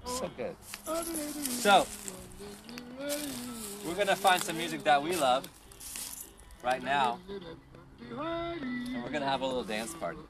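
A man leading an online music lesson for children outdoors, reading a storybook in a lively, encouraging sing-song voice and guiding a dance. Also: a little high, takes it slowly, long pauses. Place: outdoors in a park. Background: music playing.

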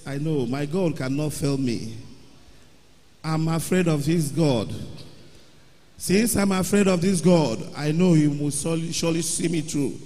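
A man telling his testimony at a worship service, with excited storytelling that rises into loud exclamations. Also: a little high. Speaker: church member giving testimony. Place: large church hall. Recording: long hall reverb.

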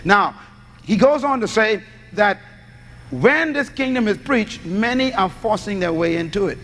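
High-voiced preacher in a reverberant hall. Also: male voice, animated, unhurried, a bit bright, slight background noise. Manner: teaching with call-and-response questions. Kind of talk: sermon.

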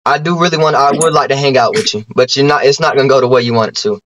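With the highs cut off and slight background noise, a medium-pitched man with a fairly bright tone talks rapid-fire. A YouTuber challenging a streamer over a video call, he hurls rhyming, boastful trash talk and often stammers before restarting his sentences.

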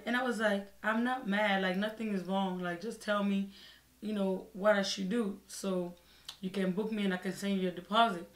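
A woman's voice: medium pitch, moderate pace. Young woman vlogging a story, acts out what she said back then, sounds like an echoey room. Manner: expressive, re-enacts her own side of the conversations. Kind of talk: storytime vlog.

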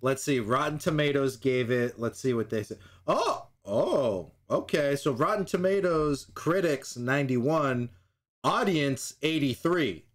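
A man in casual podcast chat, talking at an ordinary middle pitch. He rants with plenty of profanity and slips into mock voices of people as he tells a story. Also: a little slow. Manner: profane, animated ranting with impressions of people. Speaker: podcast co-host.

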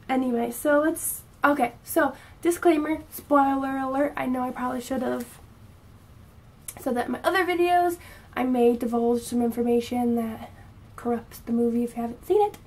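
A woman's voice: high-pitched, steady tone, normal speed, a little mellow, breathy edge. A young woman in her early twenties, chatting casually to camera as a vlogger, bubbly and gushing, a little out of breath. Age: 20s.

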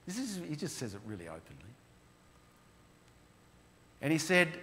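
A man's voice: a little high, very animated, unhurried, pauses often, pushed and bright. Earnest man in a reverberant hall. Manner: earnest, heartfelt storytelling. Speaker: missionary lecturer presenting to a church. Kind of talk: church mission presentation, storytelling. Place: church hall.

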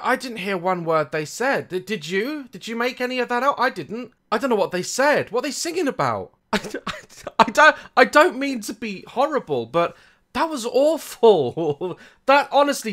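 A young man giving reaction commentary on a video, mocking it, swearing, laughing often and swinging between loud outbursts and muttered asides. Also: very high-pitched, sing-song, moderate pace. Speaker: YouTuber reacting to a music video.

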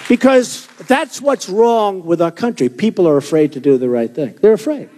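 With lively intonation and a warm, high voice at a moderate pace, a political candidate in his sixties rambles boastfully through a campaign rally speech. He speaks to a crowd in a hot indoor hall, recorded with reverb and crowd noise.

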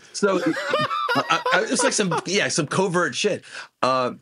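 A middle-aged guest musician tells animated career anecdotes in a storytelling interview, acting out the voices of people he quotes. His voice sits on the high side and he speaks slowly with long pauses, over a very noisy recording.

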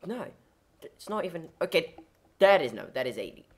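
Rambling low-voiced woman gaming. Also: big pitch swings, normal speed. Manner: rambling, goofy, self-correcting, lots of fillers. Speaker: gameplay commentator. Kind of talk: casual let's-play commentary.

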